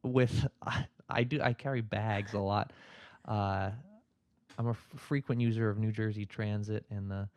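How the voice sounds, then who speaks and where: A man's voice: on the low side, fairly even intonation, a little slow, a little mellow, no echo. A man talking as a podcast guest in casual chat, hesitant and self-deprecating, with frequent restarts.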